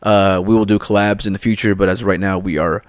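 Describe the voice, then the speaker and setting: A man co-hosting a casual gaming podcast, excitable, with quick restarts and big jumps in pitch. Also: no room sound, clean studio sound. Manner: excitable, animated swings in pitch, stumbling restarts. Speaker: podcast co-host.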